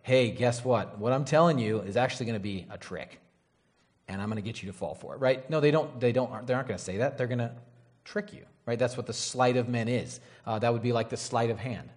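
A man delivers a conversational, rambling Bible sermon in a casual manner, frequently checking in with "right?" and "you know." His voice is medium-pitched with a darkish tone, and he speaks fairly quickly.

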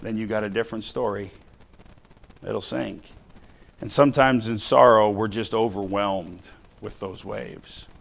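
A middle-aged male preacher with a gravelly, fry-laced voice sitting a little low. He tells his story in a storyteller's way, sometimes dropping soft, sometimes rising loud, and slows right down to land a point. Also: steady tone. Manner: storytelling, varies loudness, slows for emphasis. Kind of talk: sermon with personal story.

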